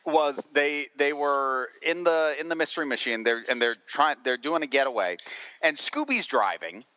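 A man on a podcast panel, retelling favorite jokes as an animated storyteller. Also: on the high side, normal speed. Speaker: podcast co-host. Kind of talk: casual panel chat. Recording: slightly muffled, faint hiss.

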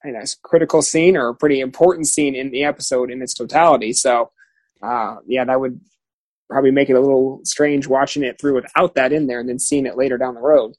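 Fast-talking man in casual chat. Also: mid-range voice, fairly even intonation, a little mellow, dry recording, poor audio. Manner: agreeable, quick, filler-heavy. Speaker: podcast co-host.

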